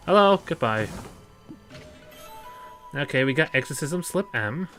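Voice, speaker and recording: Excitable, giggly male game commentator. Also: on the high side, moderate pace, long pauses, faint music behind. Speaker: let's play commentator.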